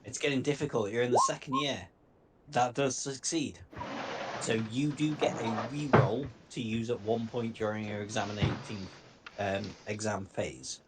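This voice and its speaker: A man from northern England running a tabletop game as game master, easygoing and quick to laugh. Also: medium pitch, steady tone, background noise.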